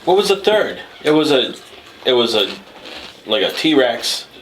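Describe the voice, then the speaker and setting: A man on a podcast panel in casual chat, excitable and rambling, laughing often. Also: mid-range voice, unhurried, slight background noise.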